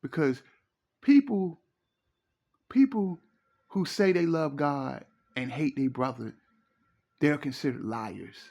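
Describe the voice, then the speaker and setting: A middle-aged relationship commentator delivers preachy, emphatic advice in a casual monologue, repeating his phrases. His mid-range voice is a little slow and has vocal fry.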